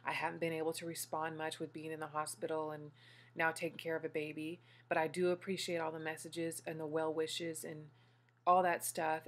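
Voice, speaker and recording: A woman vlogger and new mother talking casually to her viewers, gushing and emotional. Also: deep voice.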